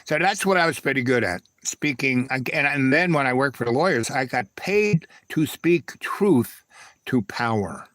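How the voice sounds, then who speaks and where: A man hosting a live stream, wandering through a personal story at a relaxed, meandering pace with many asides. His pitch sits in an ordinary middle range, and the sound is close and dry with almost no room echo. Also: moderate pace. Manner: digressive, loose, full of "right?" and "anyway".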